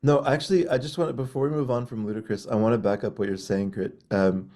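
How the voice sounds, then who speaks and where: A man's voice: medium pitch, fairly even intonation, fast talker, warm tone. A man co-hosting a film podcast, talking casually and hesitantly with frequent ums. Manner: hesitant, lots of ums and restarts.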